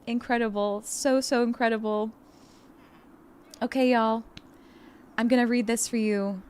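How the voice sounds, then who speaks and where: A woman's voice: on the high side, fairly even intonation, measured pace, darkish tone, clean tone. A woman streamer chatting casually with her viewers in a bubbly, effusive, giggly way. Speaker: livestreamer. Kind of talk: casual livestream chat with viewers.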